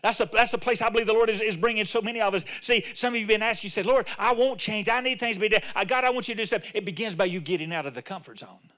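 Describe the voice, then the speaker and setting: A man with a high, bright, ringing voice preaches to his congregation. He moves between rising, emphatic calls and low, hushed asides, often speaking the words of a prayer as if he were praying it himself. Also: steady tone, rapid-fire, few pauses. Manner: preaching with swings from loud calls to quiet asides, acting out Peter's prayer. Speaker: pastor. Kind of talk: sermon.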